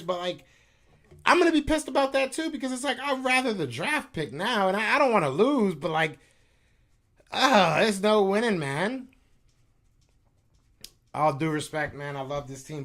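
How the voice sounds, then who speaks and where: A man's voice: sits high, a bit bright. A man hosting a sports podcast live stream, venting in a frustrated, slangy, repetitive casual rant. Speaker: podcast host reacting to chat.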